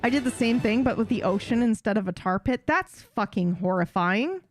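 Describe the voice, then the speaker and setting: A young woman telling a story in a casual, animated way, swearing and acting out voices. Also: normal speed, soft background music. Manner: animated, swearing, acts out voices with high yelps. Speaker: streamer.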